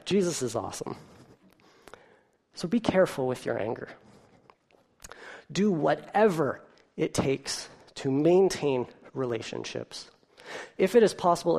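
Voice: medium pitch, moderate pace, gravelly. A pastor preaching a sermon, telling stories vividly and asking the congregation rhetorical questions, with the odd "um.". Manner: animated storytelling with rhetorical questions and filler ums.

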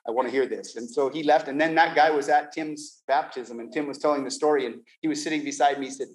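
A man's voice: fairly high pitch, quick pace, poor audio. A man telling a personal faith testimony, stumbling over and repeating words as he acts out what others said. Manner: animated, repeats words, acts out quoted dialogue. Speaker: Christian giving a personal testimony. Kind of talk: storytelling testimony.

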